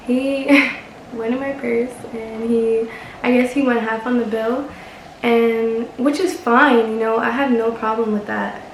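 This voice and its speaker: A woman's voice: fairly high pitch, fairly even intonation, a little slow, echoey room, noisy background. A young woman vlogger telling a casual story, chatty and exasperated, swearing and laughing often.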